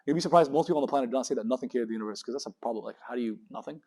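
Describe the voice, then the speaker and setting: A man in his thirties giving a religious talk to university students in a lecture room, talking very fast and acting out the voices of people in his stories. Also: mid-range voice, warm tone. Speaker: Muslim speaker giving a campus talk.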